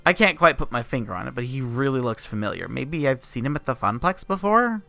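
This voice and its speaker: A man streaming himself reading a visual novel aloud, narrating with relaxed, self-aware asides. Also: medium pitch, a little fast, vocal fry.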